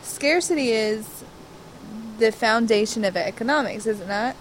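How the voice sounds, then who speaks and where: A woman's voice: fairly high pitch, animated, moderate pace, low-quality recording. Matter-of-fact woman, faint background noise. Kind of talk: casual chat.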